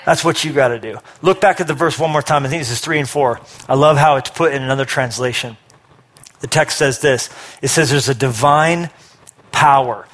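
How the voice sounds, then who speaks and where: A middle-aged man preaching a sermon, energetic, rising to forceful emphasis with quick asides. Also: mid-range voice. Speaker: pastor.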